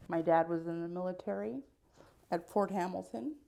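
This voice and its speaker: A middle-aged woman chatting casually in a get-ready-with-me vlog, telling her story in an unhurried way with dry little asides. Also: fairly low pitch, gravelly, warm tone. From United States. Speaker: vlogger.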